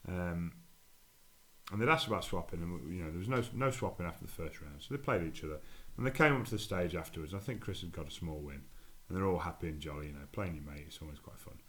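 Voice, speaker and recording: A deep-voiced man who co-hosts a podcast and organizes tournaments tells stories casually at a quick pace. He's an animated storyteller, chuckling and acting out other people's voices as he goes.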